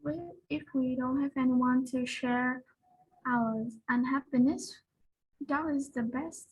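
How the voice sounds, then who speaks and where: A woman answers her English class prompt slowly, with deliberate and formal wording. Her voice is high and a little breathy. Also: steady tone, low-quality recording. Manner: careful, deliberate, formal phrasing. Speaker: student. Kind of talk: answering a speaking test question.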